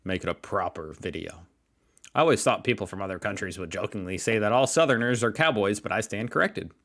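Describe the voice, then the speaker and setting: A man's voice: on the low side, expressive, a little fast, fairly bright tone. A man with a General American accent, hosting a casual reaction video in a joking, rambling, self-deprecating way. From Pittsburgh, United States.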